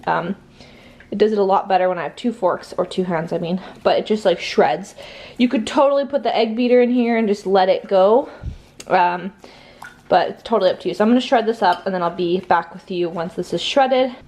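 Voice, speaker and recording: A woman's voice: mid-range voice, brisk, a little mellow. A young woman, heavily pregnant and out of breath, chatting casually through a cooking vlog in her home kitchen, full of likes and ums. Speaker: vlogger.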